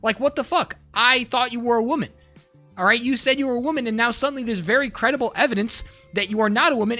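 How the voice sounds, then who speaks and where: A streamer in a heated, profane live-stream rant, full of restarts and repeated words, at times rising to shouts. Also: medium pitch, fast, soft background music. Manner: rises to shouting when angry.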